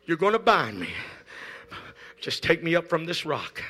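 A man preaching a Pentecostal sermon, moving from shouted calls to hushed storytelling, repeating phrases and speaking in tongues. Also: big pitch swings, moderate pace. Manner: swings from shouted exhortation to low hushed storytelling. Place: church service.

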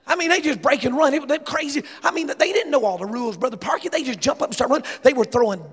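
A man with a Southern US accent preaching a sermon, telling stories with laughter and rising to shouts. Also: extremely high pitch, fast, slightly rough. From American South. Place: church sanctuary. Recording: long hall reverb.

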